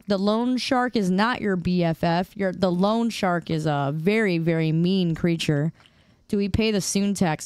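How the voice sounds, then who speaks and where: A woman in her twenties chatting casually with viewers on a livestream, rambling in a playfully defensive way with halting restarts. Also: mid-range voice, a little mellow, smooth, no echo. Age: 20s. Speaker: streamer.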